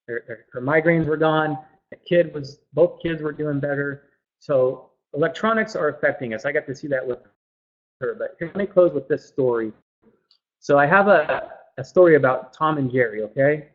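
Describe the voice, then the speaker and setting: A man giving a casual webinar talk through a computer mic, chatty and loose, repeating words and filling pauses with um. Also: a little high. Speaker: webinar presenter. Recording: dull lo-fi webinar audio.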